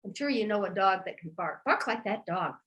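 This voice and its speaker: A woman storyteller telling a folk tale to children in an animated, sing-song way, inviting listeners to join in. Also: mid-range voice, a little fast.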